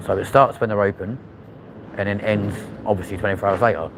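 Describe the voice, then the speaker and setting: A man's voice: lowish voice, steady tone, brisk, background noise. A young man presenting a casual vlog, filming on a handheld phone as he drives and walks through a supermarket, blunt, sweary and muttering asides. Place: car, then a large indoor supermarket. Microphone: handheld phone while filming.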